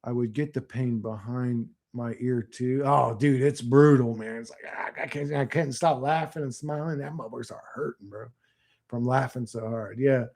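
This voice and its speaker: A man's voice: medium pitch, fairly even intonation, moderate pace, darkish tone. A young man ranting crudely on a casual livestream, rambling and slangy, slipping into mocking impressions. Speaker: streamer answering chat. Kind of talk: profane casual livestream rant.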